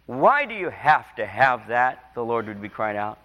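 A man preaching a sermon, telling stories and reading scripture, his voice climbing into pleading cries and then falling quiet. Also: medium pitch, very animated, moderate pace, few pauses, muffled recording. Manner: storytelling, rising to emotional pleas then dropping quiet. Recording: long hall reverb.

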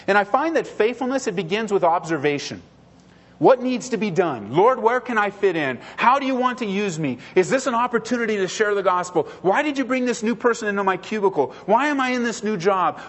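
A man with a high voice preaches to his congregation. He is earnest and drives points home by repeating phrases, slipping into the voices of people he quotes. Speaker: pastor. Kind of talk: sermon.

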